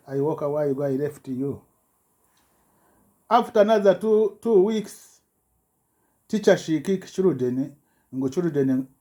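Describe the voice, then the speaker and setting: A man giving a rambling personal account in halting broken English, full of restarts and repetitions, his voice jumping up when he gets agitated. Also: on the high side, dark tone. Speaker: self-recorded complainant.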